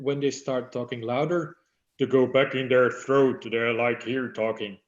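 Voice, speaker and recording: A man's voice: on the high side, a little mellow. A man giving an online workshop for badminton umpires, explaining and demonstrating how to use the voice. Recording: echoey, dull lo-fi audio.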